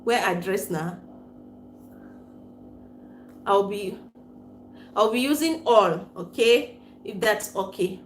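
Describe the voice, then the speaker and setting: A woman with a Cameroonian accent hosts a casual livestream chat, reading viewer comments, laughing often and mixing pidgin with English. Her mid-range voice is animated and slow with frequent pauses, and the recording has a roomy echo and faint room noise.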